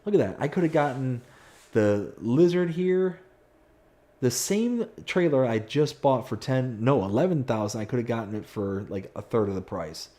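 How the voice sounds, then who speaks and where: A medium-pitched, expressive voice with a dark tone and normal pace belongs to a man live-streaming a farming game. He reads comments from viewers, keeps the chat casual, and erupts now and then in self-mocking frustration.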